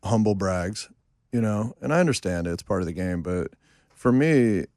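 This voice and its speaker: A man in his fifties, a songwriter and producer, telling animated, self-deprecating stories in a casual interview. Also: fairly low pitch, normal speed, dry recording, clean studio sound. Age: 50s. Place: home studio room.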